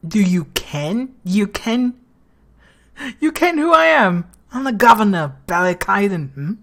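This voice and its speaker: A woman voicing a big, gruff male prison governor in a clumsy put-on Scottish burr, brusque and dismissive. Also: fairly low pitch, moderate pace, a little hiss or hum, natural voice.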